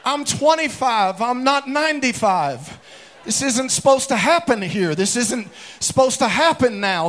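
A man, a pastor, preaching a humorous sermon full of folksy comic storytelling. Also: very high-pitched. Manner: folksy, animated, comic storytelling that bursts into shouts. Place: church sanctuary with congregation.

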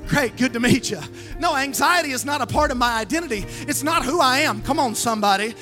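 A woman pastor preaching a fervent sermon, calling on the crowd to answer back, with a sing-song, drawn-out phrasing. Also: sits high, fairly bright tone, faint music behind. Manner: emphatic preaching with call-and-response.

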